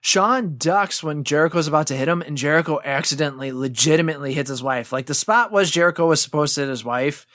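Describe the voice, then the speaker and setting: A man's voice: on the high side, fast talker, hardly any pauses, a bit bright, no room sound. A man co-hosting a home-studio podcast, casually retelling wrestling history with lots of fillers and restarts. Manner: rambling recap with many fillers and restarts. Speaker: podcast co-host.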